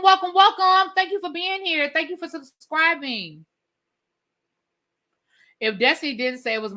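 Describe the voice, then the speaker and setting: Bright-voiced blunt woman livestream host. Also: a little high. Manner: blunt and opinionated, reads out viewer comments; animated, swears casually. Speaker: TV reality show reviewer and livestream host. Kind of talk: casual livestream commentary.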